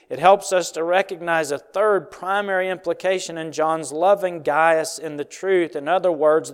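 Male preacher, fairly high voice, earnest and emphatic, long reverb of a large hall. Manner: earnest, emphatic, slows on key phrases. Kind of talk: expository sermon.

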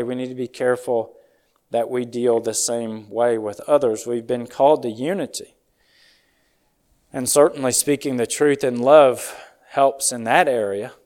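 An earnest man preaching a sermon, his pitch sitting in an ordinary middle range. He reads scripture aloud in measured, old-style phrasing and ends in a quiet, soft-spoken prayer.

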